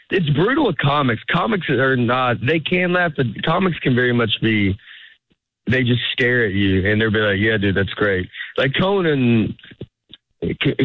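A middle-aged stand-up comedian appears as an interview guest, telling stories casually in a rambling way and often interrupting himself. His voice is medium-pitched and echo-free. The audio sounds tinny, like a phone or radio.

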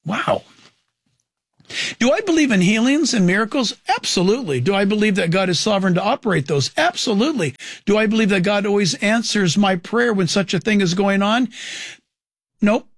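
A man's voice: high voice, lively intonation, normal speed, dry recording, clean studio sound. A man critiquing preachers' teachings in an emphatic way, asking his own questions and answering them. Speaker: Christian commentator.

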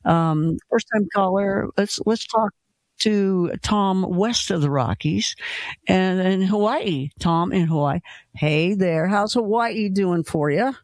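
Gravelly, chatty radio call-in host. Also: male voice, sits high, takes it slowly, no room sound. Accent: slight Kentucky. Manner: chatty, rambling, restarts. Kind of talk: casual call-in radio chat.

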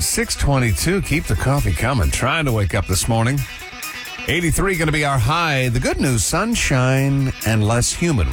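Chatty morning radio guy, bouncy voice, soft music under him. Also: medium pitch. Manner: lively, chatty, joking.

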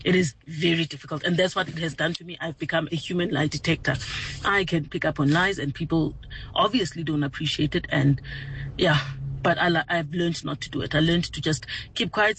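A man's voice: on the high side, steady tone, fast talker, a bit bright, a little hiss or hum, poor audio. A man, a lawyer calling in to a radio show, telling his story earnestly. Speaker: caller, criminal defense attorney. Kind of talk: phoned-in voice note.

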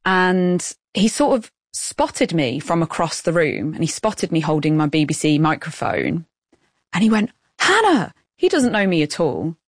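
This woman reporter talks in a low, dry voice, close and without room sound. Her delivery is measured and reflective as she moves between narration and questions. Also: very animated, no room sound. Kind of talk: radio news report with field interviews.

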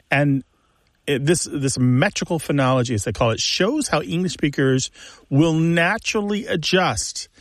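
Gravelly-voiced male radio co-host. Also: medium pitch, no echo. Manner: enthusiastic, explains language points at length. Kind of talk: casual explanatory chat.

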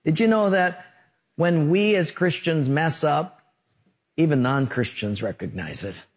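Animated male pastor preaching. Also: on the high side, a little slow. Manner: animated storytelling with sound effects. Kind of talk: sermon.

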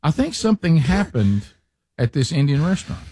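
A man's voice: on the high side, very animated, normal speed, mellow, breathy edge, no echo. A man, hosting a talk radio show and telling stories in a rambling, self-deprecating way. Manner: rambling, self-deprecating storyteller with many restarts. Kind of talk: casual talk radio banter.

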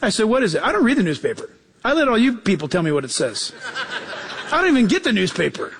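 A man preaching a sermon as pastor, telling stories in an animated way and acting out the quotes, repeating key phrases for emphasis. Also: fast talker, slightly rough, big-room sound. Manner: animated storytelling, acts out quotes with jumps in pitch.

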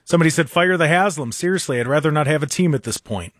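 A man's voice: a little high, fast talker, fairly bright tone, no room sound, studio quality. A young adult man, hosting a sports talk show and ranting in an exasperated, emphatic way. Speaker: sports talk radio host.

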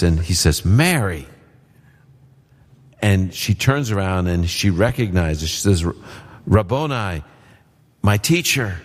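Deep-voiced man teaching Bible on radio. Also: in a large hall. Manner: plain-spoken, explains with simple paraphrase. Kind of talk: live call-in radio Q&A. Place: live event with audience.

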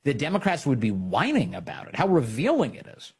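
A man hosting a political commentary show, talking in an animated, sarcastic way. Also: medium pitch, a little fast, breathy edge. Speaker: host.

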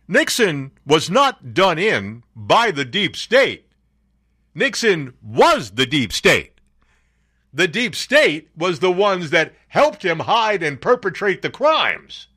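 Sarcastic, lively male radio talk host. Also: high voice, dry recording, studio quality. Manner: sarcastic, incredulous, animated. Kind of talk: opinionated talk radio monologue.

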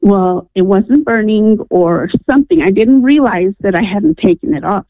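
A woman's voice: mid-range voice, animated, normal speed, a little hiss or hum. A woman calling in to a radio show, telling a personal story earnestly with frequent ums. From New Mexico. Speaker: radio caller. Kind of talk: call-in testimony. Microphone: telephone. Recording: tinny phone line, dry.

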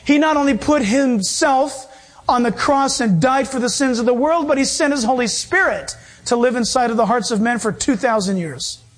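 Emphatic high-voiced preaching pastor. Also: male voice. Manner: animated, emphatic preaching with quick bursts. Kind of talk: sermon.

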